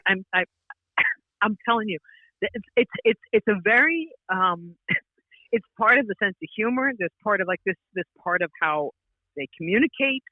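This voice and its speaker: A woman's voice: mid-range voice, moderate pace, no room sound. Woman comedian on a tinny phone line. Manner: rambling, animated storytelling with frequent restarts and laughs. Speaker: comedian guest. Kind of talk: casual podcast chat.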